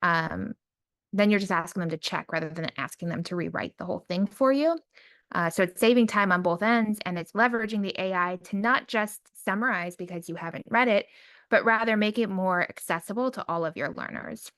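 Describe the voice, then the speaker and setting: A woman's voice: mid-range voice, fairly bright tone, no room sound. Woman demoing a lesson, dry sound. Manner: casual, talks while typing prompts aloud slowly. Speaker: special education teacher trainer. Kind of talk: screen-recorded demo lesson.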